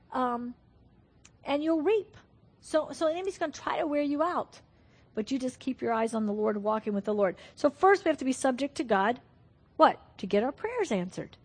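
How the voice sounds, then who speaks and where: Husky-voiced woman preaching fervently. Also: high-pitched. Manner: fervent, earnest preaching with emphatic repetition. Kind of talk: sermon.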